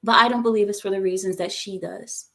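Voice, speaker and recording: A woman's voice: medium pitch, fairly even intonation, a little fast, gravelly, fairly bright tone. A woman hosting a reaction commentary, ranting in a heated, emphatic way and repeating herself. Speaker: commentary channel host.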